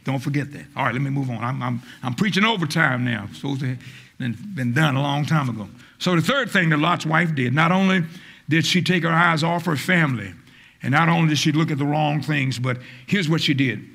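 A male pastor preaching a fiery call-and-response sermon, stammering on repeated words and rising to shouts. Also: fairly high pitch, brisk, vocal fry. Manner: acts out quoted voices, stammers on repeated words.

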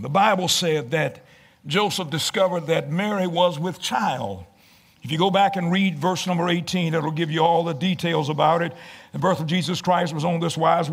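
High, lively-voiced preacher man. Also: gravelly. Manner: emphatic, rising to shouts, repeating phrases. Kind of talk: sermon.

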